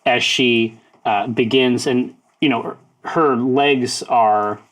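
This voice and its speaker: A man narrating a tabletop game as game master, in halting speech full of fillers. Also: medium pitch, steady tone, a bit bright, rough recording. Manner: halting narration with many fillers, breaks into laughter.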